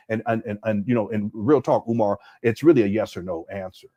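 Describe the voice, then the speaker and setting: A man's voice: fairly low pitch, brisk, dark tone, dull audio. A middle-aged man hosting a casual livestream, talking emphatically to his chat and often laughing. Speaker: livestream commentary host.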